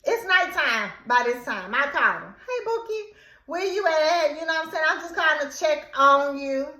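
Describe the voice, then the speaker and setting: A young adult woman telling a casual story time, animated and dramatic as she acts out what was said. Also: high voice, normal speed, roomy sound. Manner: animated, dramatic retelling with quoted outbursts.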